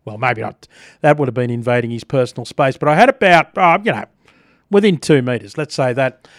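A man's voice: medium pitch, expressive, fairly quick, dry recording. A middle-aged Australian man hosting breakfast radio, telling chatty stories and reading news with frequent chuckles in a studio. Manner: chatty storyteller, chuckles often.

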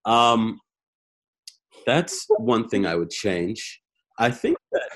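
A man guesting on a podcast tells stories in a casual chat, with a medium-pitched voice, slow pace and long pauses. His storytelling is animated; he laughs often, repeats words, stumbles and restarts sentences.

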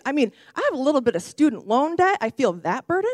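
A young woman who works in kids ministry, preaching a sermon in an animated, chatty way, correcting herself and breaking into excited shouts. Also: high-pitched, fast, dry recording, clean studio sound. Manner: self-correcting, chatty asides.

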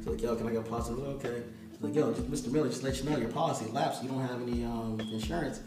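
A man telling a long story in a casual, animated way, full of slang and laughs. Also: medium pitch, rapid-fire. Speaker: musician guest. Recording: echoey room, distant mic, music behind.

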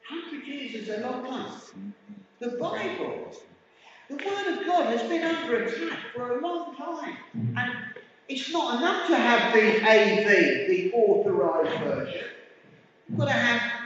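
High-voiced English preacher in a roomy hall. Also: male voice, fairly bright tone, a little hiss or hum. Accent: English, Hertfordshire. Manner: conversational, asks the congregation questions. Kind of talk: sermon. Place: community centre hall. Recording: distant, roomy hall recording, dull sound.

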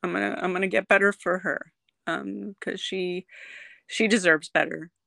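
A gravelly, bright-edged voice recounting a hard personal story in an interview, earnest and emotional. It stops and restarts often, filling gaps with ums. The sound is close and dry, with no room around it. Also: medium pitch, steady tone, no echo. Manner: halting, with frequent ums and restarts. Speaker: guest sharing a recovery story.

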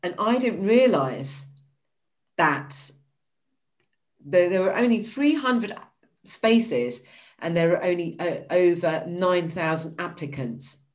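A woman, a podcast guest, telling her life story in a lively, chatty way. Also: takes it slowly, long pauses, low-quality recording. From United Kingdom. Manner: lively storyteller, acts out quotes with high bright exclamations. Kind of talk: casual storytelling interview.

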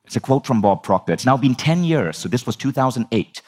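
A man in his forties telling his own story in an animated, humorous way, swearing now and then. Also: mid-range voice, a little fast. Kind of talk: storytelling talk.

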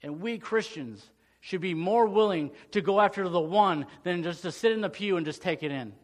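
A middle-aged male pastor preaching a sermon, swinging from loud, urgent peaks to hushed storytelling. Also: sits high, normal speed.

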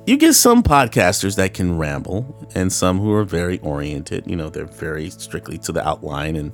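A man with a low-pitched voice hosts a solo podcast and rambles from one tangent to the next. He swears freely, laughs often and puts on voices when he quotes people. Soft guitar music plays faintly behind him. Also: creaky. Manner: acts out voices in quoted dialogue. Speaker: podcast host.

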